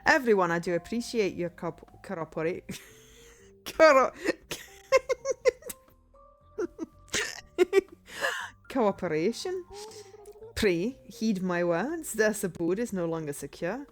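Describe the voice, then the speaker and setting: A woman doing a commanding detective of old who speaks in a put-on Scottish accent. He talks slowly and gravely in formal, old-fashioned words. His pitch swings widely as he gives orders, with faint music behind. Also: expressive. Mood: stern.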